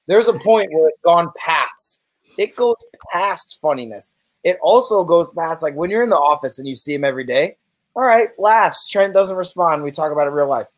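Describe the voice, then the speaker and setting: A young man with a slightly high voice rants in casual podcast chat, animated and quick to laugh and swear. The sound is dry and close, with no room around it. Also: no room sound. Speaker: podcast co-host. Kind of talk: casual chat over remote call.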